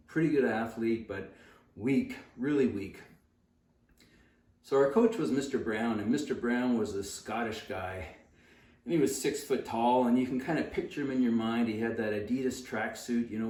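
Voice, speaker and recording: A man's voice: mid-range voice, mellow. A man in his sixties, host of a fitness channel, tells a personal story in an earnest, conversational way and repeats words for emphasis. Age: 60s. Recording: roomy sound from a distance.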